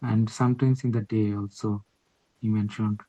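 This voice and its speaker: A man on a mobile phone reading a practice hotline script aloud in a training session, pausing with "uh" fillers when he speaks freely. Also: fairly low pitch, little pitch movement, dark tone, no room sound. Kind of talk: reading a role-play script aloud, then answering. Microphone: mobile phone on a video call. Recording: dull, dry phone audio.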